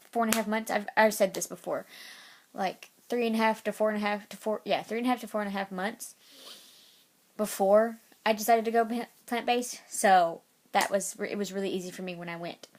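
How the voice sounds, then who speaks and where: A woman talking to camera in a casual vlog, rambling and chatty. She keeps correcting herself and restarting her sentences, at an ordinary middle pitch. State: out of breath. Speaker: vlogger.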